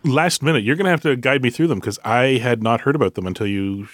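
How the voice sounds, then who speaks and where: A man's voice: medium pitch, a bit bright, no echo. A man co-hosting a casual podcast who jokes around and plays with words. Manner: joking and quick, puns and silly voices. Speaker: podcast co-host.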